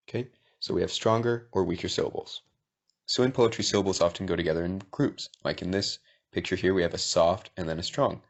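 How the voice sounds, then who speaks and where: A man's voice: low voice, steady tone, brisk. A man teaching a video lesson, explaining step by step and checking in with the listener. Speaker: poetry teacher. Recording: dull lo-fi sound.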